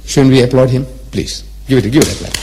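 A man in his seventies gives an emphatic, repetitive public religious lecture, teasing his listeners with rhetorical questions. His mid-range voice is expressive, quick-paced and mellow.

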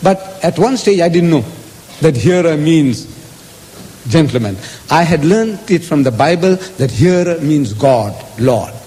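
A man with a high voice lectures emphatically on scripture. He quotes verses aloud in shifting voices. The sound rings with the long reverb of a large hall. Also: expressive, unhurried, warm tone. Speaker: speaker in a religious debate.

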